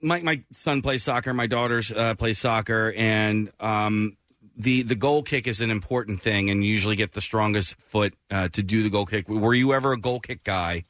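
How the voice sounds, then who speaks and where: A man's voice: on the low side, moderate pace, fairly bright tone, no echo, studio quality. A man co-hosting a casual talk show, asking rambling questions with restarts. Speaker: radio co-host. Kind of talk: casual interview chat.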